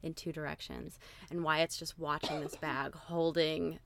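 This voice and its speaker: Low-voiced young woman retelling a film. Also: measured pace, vocal fry, slight background noise. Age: young adult. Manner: animated storyteller, frequent "like", swearing. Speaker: podcast co-host. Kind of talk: casual chat, retelling a film plot.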